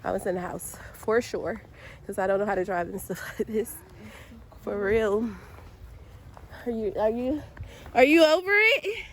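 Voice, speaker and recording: A woman's voice: mid-range voice, lively intonation, unhurried, pauses often, slight background noise. A woman vlogging outdoors in the snow on a handheld phone, chatty and laughing, cold and a bit out of breath. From Georgia, US. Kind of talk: casual vlog outdoors in snow. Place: outdoors in snow, parking lot. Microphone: handheld phone camera.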